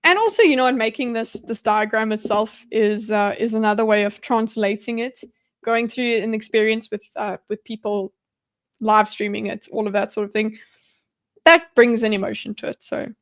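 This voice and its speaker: A woman's voice: fairly high pitch, steady tone. A woman talking through a mind map on a live stream, rambling and restarting her sentences as she chats with viewers. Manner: rambling, self-interrupting, chatty with viewers, quick laughs. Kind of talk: thinking aloud while mind-mapping on a live stream.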